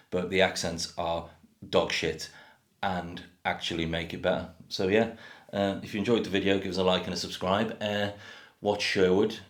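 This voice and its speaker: Deep-voiced vlogger, thirties, blunt and rambling, echoey room. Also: male voice. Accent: generic English. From North Wales. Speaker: craft beer vlogger. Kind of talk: casual rant to camera.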